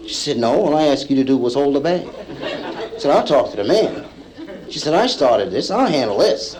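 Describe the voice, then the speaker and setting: Stand-up comic telling a party story. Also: male voice, a little high, a little fast, low-quality recording. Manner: acts out characters in the story, lively punchline delivery. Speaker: stand-up comedian. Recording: vintage live comedy album, vinyl transfer. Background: audience laughter.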